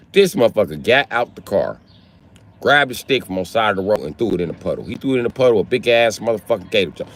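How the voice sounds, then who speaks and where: Animated profane man telling wild stories. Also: fast. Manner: animated, profane, acts out voices, jumps high in pitch. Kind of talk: profane stand-up storytelling.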